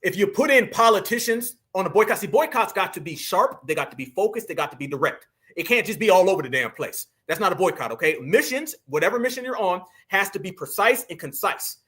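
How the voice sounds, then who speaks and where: A man's voice: high-pitched, animated, fairly quick, fairly bright tone, breathy edge. A man hosting a fired-up online commentary, emphatic and preachy, calling his viewers family.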